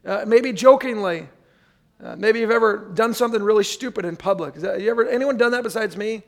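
A male pastor gives a sermon to his church, talking it through in a casual way and turning to the congregation now and then. His voice sits high and has a gravelly edge. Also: brisk. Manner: conversational preaching with frequent asides to the congregation.

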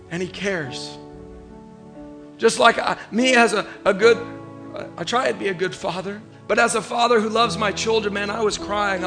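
A pastor from Oklahoma, telling a personal story in an animated, emotional sermon in church. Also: male voice, sits high.

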